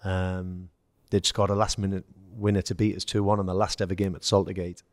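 An English man, a former footballer, telling lively anecdotes in casual chat and acting out the quoted dialogue. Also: low-pitched, brisk, no echo, studio quality. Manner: storytelling, acts out quoted dialogue, laughs. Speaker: former footballer, podcast guest.

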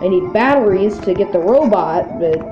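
A woman's voice: medium pitch, expressive, normal speed, lo-fi sound. A woman giving casual commentary over her own gameplay, playful and exasperated, talking to the characters on screen and bursting into yelps. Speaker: gaming video creator. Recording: roomy with game music behind.

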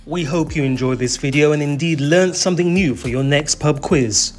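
A man's voice: fairly high pitch, moderate pace. A man narrating a travel video as its host, in a scripted but playful way that leans on the comic details. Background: faint background music.

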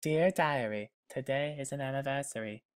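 A man's voice: lowish voice, fairly even intonation, quick pace, a bit bright, dry recording, far from the mic, natural voice. A man voicing a bitter, searching young woman reading her diary aloud in a put-on accent. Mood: brooding.

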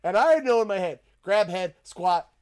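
A young man hosting a podcast, telling a profane, animated story in casual chat. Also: sits high, normal speed, clear, resonant tone. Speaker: podcast host.

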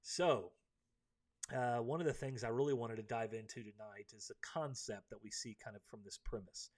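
A man's voice: mid-range voice, moderate pace. A man hosting a live faith-based book discussion, earnest and preachy, with many ums and restarts.

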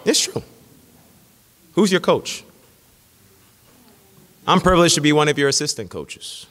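A middle-aged man preaching a sermon as pastor, telling stories in an animated way and acting out the quotes. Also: a little high. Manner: animated storytelling, acts out quotes. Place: church sanctuary. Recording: echoey church hall.

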